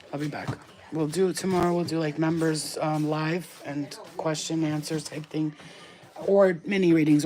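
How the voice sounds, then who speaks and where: A woman with a fairly low voice chats casually on a live stream. She is warm toward her viewers and slips into high cooing baby talk for her pet. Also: noisy background. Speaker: spiritual reader, channel host.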